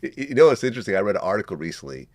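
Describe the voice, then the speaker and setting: A man's voice: lowish voice, sing-song, very fast, darkish tone, no echo. A man from Russia hosting an interview in a casual, laid-back way, leaning on fillers like "like" and "you know". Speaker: interview host.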